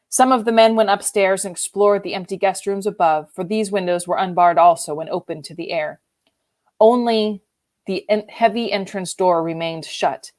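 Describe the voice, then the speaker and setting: A woman reading a novel aloud in an expressive, emotionally involved way. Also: fairly low pitch. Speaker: reader. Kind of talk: audiobook reading.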